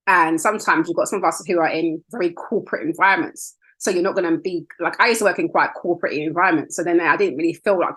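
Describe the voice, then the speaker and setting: A woman hosting a podcast, chatting in an affirming, animated way during an interview. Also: lowish voice, husky. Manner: warm, affirming, quick and animated. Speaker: podcast host. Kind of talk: conversational interview.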